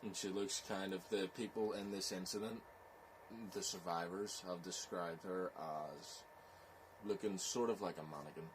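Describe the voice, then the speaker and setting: A man with a Belfast accent, telling a scary story in slow, rambling casual chat, with "so it is" tags. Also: sits low, steady tone, noisy background. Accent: Northern Irish, Belfast.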